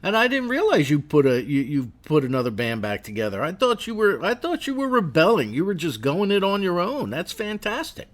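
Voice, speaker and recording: A man's voice: high-pitched, sing-song, brisk, few pauses. A man hosting a radio interview, asking rambling, conversational questions. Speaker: radio host.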